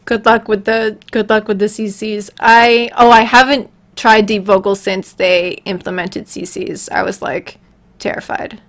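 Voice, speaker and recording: Slow, gravelly-voiced woman chatting on stream. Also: medium pitch, fairly even intonation. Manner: rambling, giggly, self-deprecating. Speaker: streamer answering viewer questions. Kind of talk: casual livestream chat.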